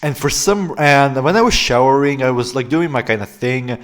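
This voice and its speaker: A young man tells a funny family story to his viewers in a loose, rambling vlog style. He keeps breaking into laughter and fills his sentences with hesitations and "like". His voice sits at an ordinary middle pitch. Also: animated, normal speed. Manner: rambling, laughs often, many fillers. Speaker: vlogger. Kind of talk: casual story-time vlog.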